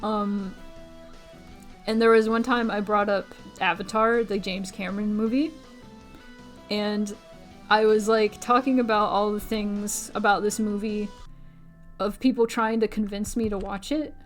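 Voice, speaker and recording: Soft music plays behind a young woman streamer who speaks in a steady tone, a little slowly and with frequent pauses. She rambles casually with viewers and goes squeaky and high when quoting people.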